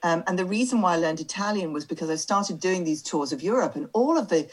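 A middle-aged woman from Birmingham, England, a tour guide telling her story in an interview, self-deprecating and quick to laugh, with many ums. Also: lowish voice, husky.

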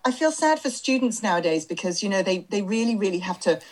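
A middle-aged woman from Birmingham, England, a tour guide telling her story in an interview, self-deprecating and quick to laugh, with many ums. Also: medium pitch, lively intonation, darkish tone.

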